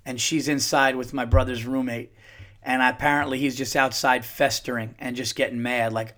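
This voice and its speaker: A man hosting a solo podcast, telling stories in an animated, profane, worked-up way. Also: mid-range voice, moderate pace. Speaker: podcast host. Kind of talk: casual solo podcast storytelling.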